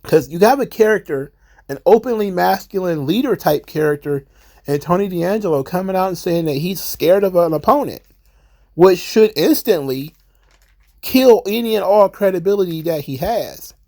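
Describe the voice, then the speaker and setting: Gravelly man recapping a wrestling show. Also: sits high, expressive, a little mellow. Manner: paraphrases characters in quick offhand voices, chatty. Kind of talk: casual commentary recap.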